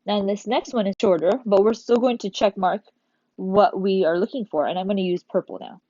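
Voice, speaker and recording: A woman teacher walking young pupils step by step through a recorded lesson, in an animated manner. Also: medium pitch, a little fast, no echo, lo-fi sound. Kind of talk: recorded remote class lesson.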